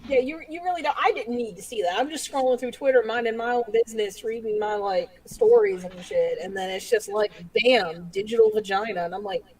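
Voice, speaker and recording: A woman's voice: a little high, lively intonation, fairly quick, hardly any pauses, darkish tone, breathy edge, far from the mic, poor audio. A woman bantering on a casual podcast, blunt and profane, joking as she talks.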